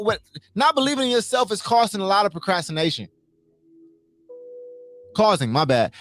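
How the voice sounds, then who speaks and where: A man's voice: very high-pitched, a bit bright. A man hosting a casual motivational livestream, emphatic, repeating his points and asking his listeners questions.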